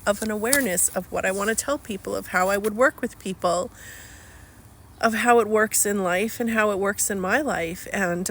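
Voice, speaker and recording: Woman talking slowly and candidly to camera. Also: mid-range voice, a bit bright. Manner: candid, rambling, slow and searching. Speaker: healing coach. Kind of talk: personal video monologue.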